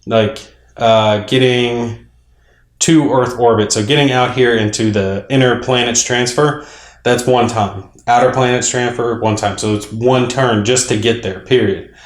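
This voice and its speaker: A man casually explaining his moves in a tabletop space game, rambling with fillers and clearing his throat now and then. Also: medium pitch, steady tone, measured pace, roomy sound. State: clearing throat, a little choked up. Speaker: board game player and channel host.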